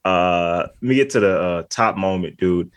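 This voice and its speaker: Rambling, low-voiced guy co-hosting a podcast. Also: normal speed, clean tone. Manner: rambling, heavy on filler words, laughs often. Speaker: podcast co-host. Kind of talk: casual chat.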